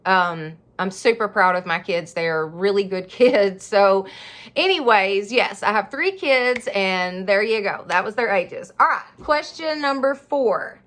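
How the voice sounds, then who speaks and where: Bright chatty woman vlogging. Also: mid-range voice, expressive, measured pace. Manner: chatty and rambling, laughs often. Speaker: YouTuber of a home decor channel. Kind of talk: casual Q&A vlog.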